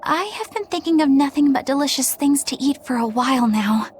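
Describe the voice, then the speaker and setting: An earnest, proper young woman speaks politely and a bit primly in a high voice. A faint ambient hum sits under the game dialogue. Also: animated, brisk. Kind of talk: game voice acting.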